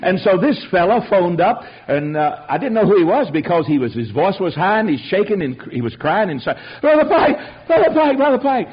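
High, animated preacher man, lo-fi recording. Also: a little fast, few pauses, breathy edge. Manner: animated storytelling with rhetorical asides. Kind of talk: sermon. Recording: dull lo-fi recording.

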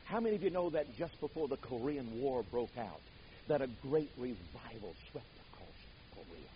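An older man preaching a sermon, telling stories dramatically, booming out some words and dropping others to a hush. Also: lively intonation, normal speed, muffled recording, a little hiss or hum. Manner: dramatic storytelling, swings from booming to hushed.

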